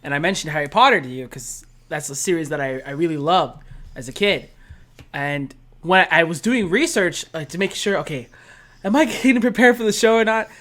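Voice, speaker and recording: A man's voice: on the high side, animated, a little fast, fairly bright tone. Chatty young male podcast guest. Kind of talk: casual podcast chat.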